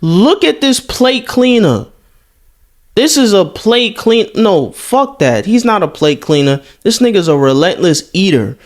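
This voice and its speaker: A man's voice: high voice, sing-song, unhurried. A young man hosting a reaction video, talking loosely in profane street slang and repeating himself as he comments.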